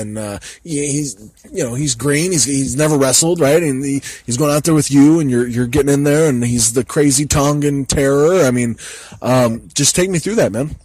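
A man's voice: mid-range voice, darkish tone, slightly rough, no echo. A man hosting a podcast interview, recapping past events and prompting his guest with questions. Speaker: podcast host.

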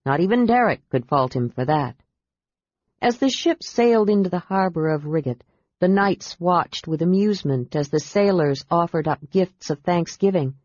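Woman, audiobook narration, measured, lowish, dull lo-fi, dry. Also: lively intonation, a little mellow, no room sound. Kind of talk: scripted narration.

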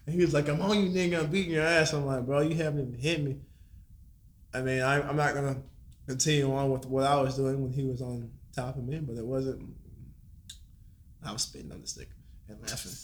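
A man's voice: mid-range voice, fairly even intonation, fairly quick, reverberant. A man casually telling a story on a podcast, laid-back and slangy, laughing and swearing as he goes. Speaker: podcast guest.

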